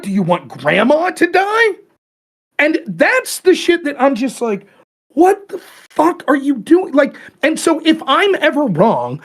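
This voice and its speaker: A man in casual podcast chat who argues his politics with heat and plenty of swearing. His pitch swings widely as he makes his points, rising sharply when he pushes back. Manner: animated, profane, argumentative. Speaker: podcast host.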